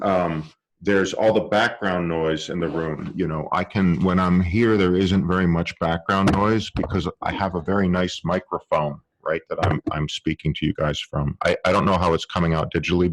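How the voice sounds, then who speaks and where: A man teaching an online film class, explaining with live demonstrations and halting restarts, speaking into a directional microphone. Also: low voice, steady tone. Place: room with a cluttered table.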